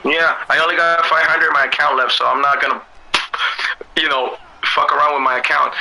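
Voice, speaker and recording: A man with a hoarse voice in loose, laughing casual chat as co-host, swearing freely. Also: a little high, flat delivery, fairly quick, pushed and bright, poor audio.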